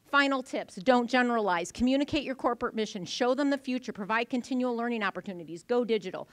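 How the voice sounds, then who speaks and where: A woman in her forties giving a lively conference presentation, telling stories and acting out the voices. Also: on the high side, fast, no echo. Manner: animated storytelling, acting out voices. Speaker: conference speaker. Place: event venue.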